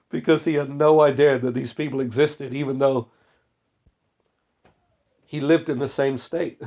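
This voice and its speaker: A man with a gravelly, creaky voice hosts a Christian missions podcast. He talks in an earnest, exhorting way and often restarts his phrases. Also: medium pitch, fairly even intonation, a little slow, pauses often, darkish tone. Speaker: podcast host.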